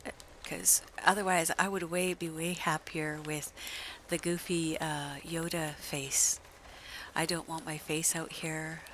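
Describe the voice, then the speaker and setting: A woman in her late fifties, streaming a game and chatting in a soft, half-whispered, slow and gentle way. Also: low voice, a little hiss or hum, low-quality recording. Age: 50s. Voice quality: even, gentle delivery. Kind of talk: casual chat while gaming.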